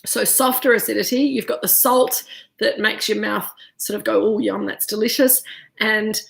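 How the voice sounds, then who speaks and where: A woman's voice: medium pitch, steady tone, normal speed, creaky. A woman leading a casual live wine tasting class, chatting freely while chewing cheese. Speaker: winemaker leading a virtual tasting.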